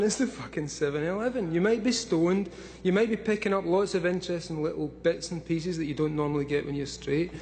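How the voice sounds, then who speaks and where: A man's voice: sits high, darkish tone. A man in his thirties from Scotland with a Scottish accent, giving a profane, rambling talk to an audience while drunk, laughing often between lines. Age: 30s. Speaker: convention speaker.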